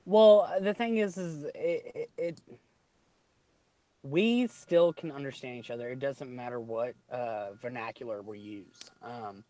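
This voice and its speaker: A man's voice: mid-range voice, measured pace, warm tone. A man with a Southern American accent, chatting casually on a podcast and rambling through many ums and restarts. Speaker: podcast co-host. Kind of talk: casual chat.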